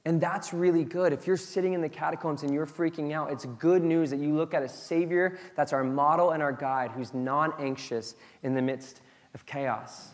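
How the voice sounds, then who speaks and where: A man preaching a sermon in a casual, conversational way, moving between loud excited asides and soft, low reflection. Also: normal speed, in a large hall. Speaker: pastor.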